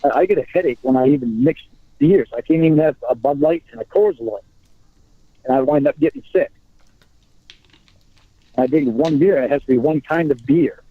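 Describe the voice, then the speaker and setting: A man on a phone call, talking in halting bursts and repeating his words as he restarts. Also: fairly high pitch, no echo. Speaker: caller on a recorded phone call. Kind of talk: casual phone conversation. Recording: tinny phone line.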